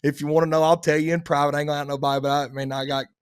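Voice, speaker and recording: A man's voice: on the high side, flat delivery, racing, smooth, no echo, clean studio sound. A man co-hosting a podcast in casual chat, rambling with frequent restarts. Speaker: podcast co-host.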